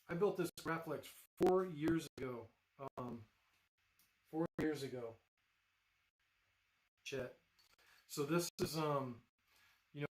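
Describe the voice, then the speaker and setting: A man's voice: mid-range voice, slight background noise, rough recording. A man hosting a live stream, chatting casually and rambling with frequent fillers and restarts as he shows off his builds. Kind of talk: casual live-stream chat while demonstrating.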